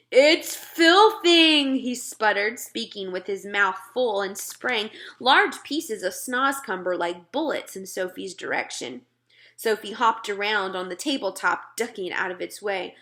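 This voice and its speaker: A woman teacher reading a children's book aloud, with calm, even narration. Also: medium pitch.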